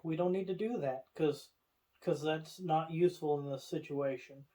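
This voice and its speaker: A man's voice: on the high side, normal speed. A man telling a story on a podcast in casual chat, acting out the people in it. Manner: animated storyteller, acts out others' lines. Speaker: podcast co-host.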